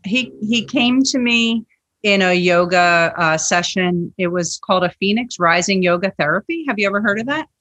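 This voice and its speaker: A yoga teacher appears as a guest on a podcast interview, telling earnest stories and acting out the dialogue within them. Her medium-pitched voice is a bit bright and moves at a normal speed.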